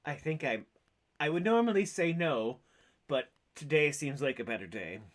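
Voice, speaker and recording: A man voicing a stern, weary woman who keeps her crew in line, speaking low and deliberately. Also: lively intonation, lightly acted. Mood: reluctant.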